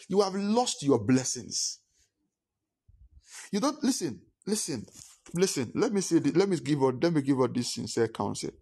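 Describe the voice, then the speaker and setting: A man's voice: fairly high pitch, big pitch swings, moderate pace, mellow, husky. A man preaching a sermon as a pastor, repeating his points and acting out phone calls with his father in pidgin.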